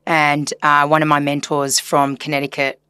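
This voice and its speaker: A woman's voice: low voice, completely flat delivery, moderate pace, sharp tone, smooth, dry recording. A woman therapist talking earnestly and reflectively in a casual podcast conversation, chatty with filler words. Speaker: systemic therapist guest.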